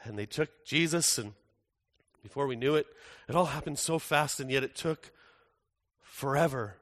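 A man playing the apostle John as an older man in a first-person dramatic monologue, earnest, moving between hushed and urgent. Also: medium pitch, moderate pace, lightly acted. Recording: echoey hall with long reverb.

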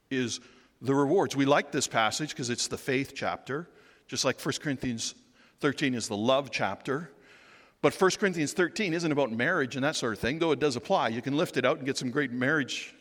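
A man preaching a sermon as pastor, conversational and animated, asking rhetorical questions. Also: mid-range voice. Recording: long hall reverb.

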